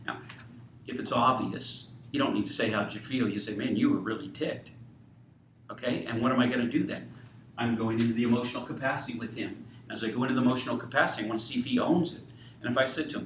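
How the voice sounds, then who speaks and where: Male counseling instructor, deliberate, acts out client exchanges; distant mic in a reverberant room. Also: medium pitch, slight background noise. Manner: deliberate teacher, quotes client dialogue, many fillers. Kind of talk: lecture with case role-play.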